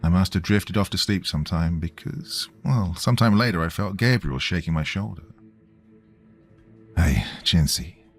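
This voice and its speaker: Over faint background music, a man with a very low, deep voice narrates a horror story in a measured, grave manner.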